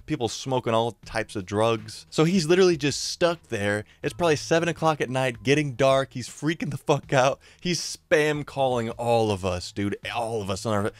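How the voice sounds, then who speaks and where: A young man, mid-pitched and recorded close and dry, tells a personal story with slangy, profane excitement. His voice keeps jumping up when things get wild. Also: normal speed, few pauses, no room sound. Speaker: storyteller YouTuber. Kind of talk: casual storytime narration.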